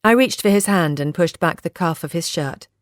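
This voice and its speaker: A woman narrating a first-person novel in a measured, steady reading. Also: on the low side, no echo, clean studio sound. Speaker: audiobook narrator.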